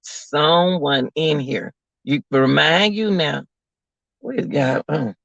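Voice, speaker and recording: At work, away from home, a commentary vlogger does casual live commentary, incredulous and repeating phrases as he calls his viewers "y'all." His gravelly voice is fairly high, bright and cutting, expressive and slow. The audio is dry, dull and lo-fi, with no room sound.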